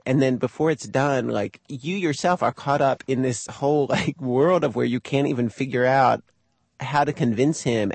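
A male host with a gravelly, husky voice narrates and talks with his guest, reflective and thinking aloud. The sound is dry and close-miked. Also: mid-range voice, a little mellow, no room sound. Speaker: radio show host. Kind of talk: narration and interview.

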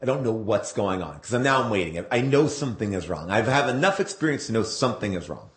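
A man's voice: fairly low pitch, expressive, fast, roomy sound. A man telling a long anecdote as a guest, rambling with fillers and self-corrections. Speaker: actor telling a story as a guest.

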